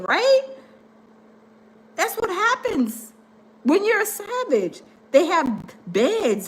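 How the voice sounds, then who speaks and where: A woman's voice: sits high, a bit bright, a little hiss or hum. A woman hosting a livestream, chatting casually and animatedly, reading viewer comments aloud and acting out the people she quotes. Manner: acts out quoted people in different voices. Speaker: livestream host.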